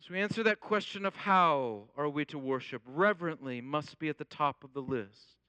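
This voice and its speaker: A man preaching a sermon as pastor, in a measured way and quoting scripture. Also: fairly high pitch, sharp tone, smooth, no room sound.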